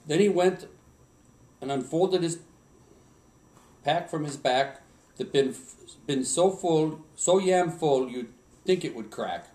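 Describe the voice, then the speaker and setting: A man's voice: on the high side, darkish tone. A man putting on a mock Swedish accent to voice a tipsy old lumberjack, reciting a Christmas poem in a sing-song, chuckling way. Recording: roomy home recording from a distance.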